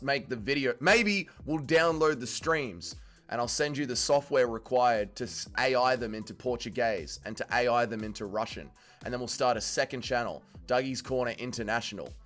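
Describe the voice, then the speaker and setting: A man's voice: medium pitch, fairly bright tone. A young man hosting a fight watch-along livestream, reading chat aloud and chatting casually with blunt, profane banter.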